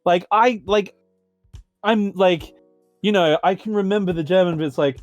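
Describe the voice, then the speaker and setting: A man co-hosting a casual podcast, talking with animated passion and quoting film lines. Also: high voice, a little slow, long pauses, no room sound, muffled recording, soft background music. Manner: animated, impassioned rants with quoted film lines. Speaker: podcast co-host.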